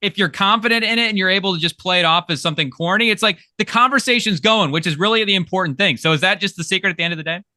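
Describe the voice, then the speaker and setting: A man's voice: high voice, very fast, hardly any pauses, pushed and bright, dry recording, studio quality. A man hosting a podcast in casual chat, joking and laughing between remarks. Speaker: podcast host.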